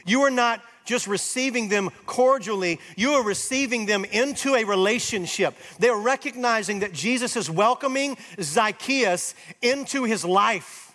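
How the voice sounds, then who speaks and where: A pastor delivering an emphatic sermon in a raised, high voice. He drives hard through peaks, then drops low and soft to plead with his listeners. A long hall reverb follows every line from the church sanctuary. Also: animated, a little slow, hardly any pauses. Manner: emphatic preaching, rising to intense peaks then dropping soft.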